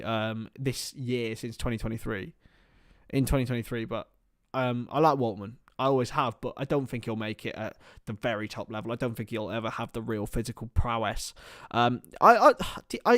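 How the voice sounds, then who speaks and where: A man's voice: mid-range voice, no echo, studio quality. A young man hosting a live football watchalong, commenting on the match, swearing casually and chatting to his viewers.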